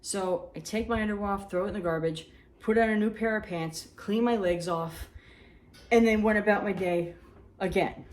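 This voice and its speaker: A woman, telling funny personal stories in an animated, chatty, self-mocking way. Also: mid-range voice, moderate pace. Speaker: storyteller. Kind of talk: casual storytelling.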